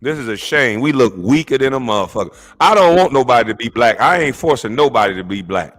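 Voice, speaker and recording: Animated mocking man ranting profanely. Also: medium pitch, fast, faint music behind. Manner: incredulous, mocking, shouts and mimics voices. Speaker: streamer reacting to clips. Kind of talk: profane comedic rant.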